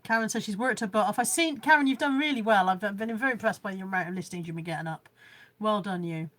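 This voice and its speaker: A woman's voice: medium pitch, quick pace, fairly bright tone. A woman vlogging live from home, reading out viewer comments in a rambling, chatty way and joking about how little she knows about technology.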